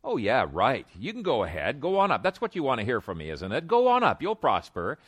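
A man's voice: mid-range voice, huge pitch swings, a little fast, a bit bright, slightly rough, no echo, heavily acted. A man voicing a sarcastic male prophet who mocks a king in a sing-song tone. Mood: mocking.

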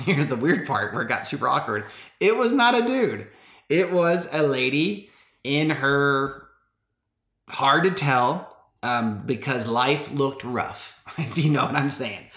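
A man's voice: mid-range voice, animated, moderate pace, bright, forceful tone, roomy sound. A young man casually telling a story to his podcast listeners, chatty and laid-back, full of "like" and "bro.". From Texas. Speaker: podcast host.

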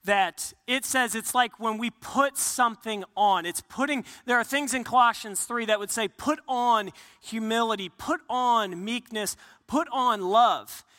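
A pastor preaches a sermon in a high, piercingly bright voice, speaking earnestly, restarting phrases and acting out quotes. He's unhurried with hardly any pauses, and long reverb from a large hall rings around him.

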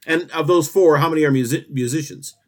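A man's voice: a little high, a little fast. A man hosting a spoof radio talk show, rambling through absurd jokes with a straight face. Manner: rambling, absurd deadpan banter. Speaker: host.

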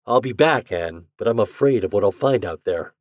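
A determined young journalist insists on the truth, as a man reading a story voices him. He speaks earnestly in a fairly low voice. The sound is close and dry. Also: animated, moderate pace, no room sound. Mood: urgent.

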